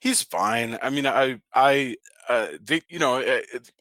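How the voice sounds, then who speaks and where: Bright-voiced man rambling about movies. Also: medium pitch, a little slow, dry recording. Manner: rambling, restarts often. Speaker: podcast co-host. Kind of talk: casual film review chat.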